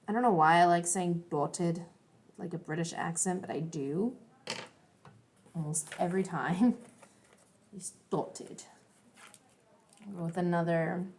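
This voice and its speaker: A woman's voice: on the low side, vocal fry, darkish tone. A young adult woman teaching an art lesson, chatty and encouraging, thinking aloud as she draws and colors. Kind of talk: classroom art lesson video.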